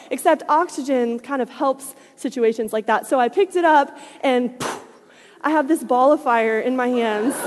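A young adult woman telling a lively personal story, laughing often and swinging between loud bursts and hushed asides. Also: high-pitched, big-room sound.

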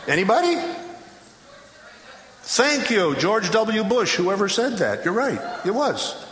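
Folksy middle-aged preacher in echoey chapel. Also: male voice, high-pitched, very animated, slow, background noise. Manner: folksy storytelling with repeated restarts. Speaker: chapel speaker. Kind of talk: sermon. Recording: roomy chapel reverb, faint ambience.

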